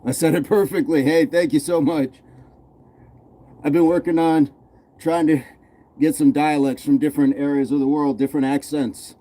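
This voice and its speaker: Mellow-voiced man chatting with viewers. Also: on the high side, steady tone, moderate pace. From United States. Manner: laid-back, answers chat questions while working out. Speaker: fitness livestream host. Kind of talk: casual livestream chat reading comments between sets.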